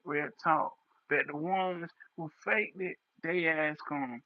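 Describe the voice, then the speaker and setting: A young man pours out a raw, impassioned livestream monologue, circling back to the same points again and again. His voice sits somewhat high for a man. The stream audio is dull and lo-fi. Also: steady tone, slow pace, dry recording. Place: livestream setup.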